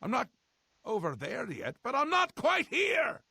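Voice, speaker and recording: A raspy, manic mad god. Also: male voice, extremely high pitch, wildly swooping pitch, measured pace, no echo, exaggerated voice. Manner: erratic, swinging between shouts and mutters. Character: manic mad god, erratic male ruler.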